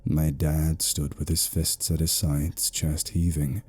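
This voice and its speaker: A British man narrating a horror story slowly, in a hushed tone. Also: extremely low pitch, little pitch movement, breathy edge.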